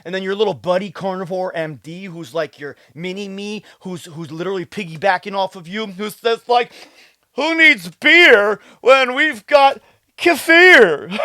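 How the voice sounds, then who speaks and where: A man rants straight to camera, cursing freely as he swings between loud outbursts and low, quiet muttering. His pitch leaps around with lively, animated swings. The sound is dry, with no room echo. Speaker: fitness coach and video creator. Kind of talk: profane ranting monologue to camera.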